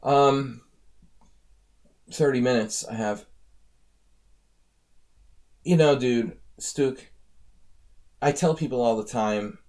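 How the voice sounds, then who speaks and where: A man coaching chess on a live stream talks slowly, leaving long pauses, in a medium-pitched, darkish voice. He casually reviews viewer games, thinking aloud and chatting directly with the people watching.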